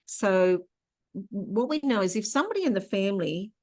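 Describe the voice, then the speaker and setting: A woman's voice: mid-range voice, lively intonation, normal speed, darkish tone. A middle-aged woman hosting an online workshop, teaching in a conversational way and telling personal stories. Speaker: workshop host and therapist.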